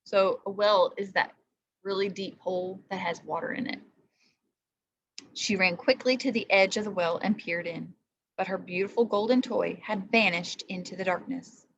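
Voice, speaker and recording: A woman's voice: mid-range voice, moderate pace, highs cut off, a little hiss or hum. A woman teacher reading a story aloud to children, stopping to ask them questions. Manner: lively, asks the listener questions.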